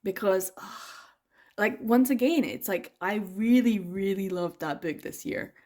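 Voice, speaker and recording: A woman's voice: mid-range voice, measured pace, warm tone. An enthusiastic woman chats on camera about books in a loose, rambling way. She drifts between thoughts, fills gaps with ums, and laughs easily as she goes. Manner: rambling, enthusiastic, frequent laughs and trailing fillers. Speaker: book vlogger. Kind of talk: casual chatty vlog.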